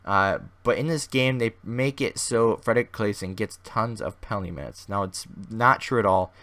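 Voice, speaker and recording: A man with a hoarse, fading voice giving casual, rambling commentary over a video game as host of his gaming channel. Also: fairly low pitch, normal speed, fairly bright tone. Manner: rambling, thinks aloud with many restarts.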